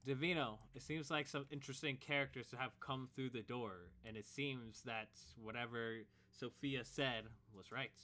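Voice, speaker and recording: Male game master for a tabletop game, crisp bright tone, steady middle pitch. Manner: voices tavern figures in a raised pitch.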